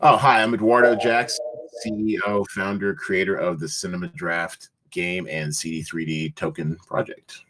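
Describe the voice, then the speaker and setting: A man with a fairly low voice talks through interview questions on a video call. He is chatty and easygoing, laughs often, and fills his sentences with "uh" and "you know". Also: level tone, moderate pace, fairly bright tone. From Seattle, United States. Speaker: company founder and CEO, guest. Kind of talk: casual interview answers.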